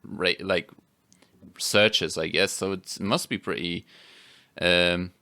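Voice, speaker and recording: A man's voice: sits low, steady tone, slow, sharp tone, no echo. A man co-hosting a podcast, chatting easily about films with a hesitant, filler-heavy way of talking. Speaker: podcast co-host. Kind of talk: casual film review chat.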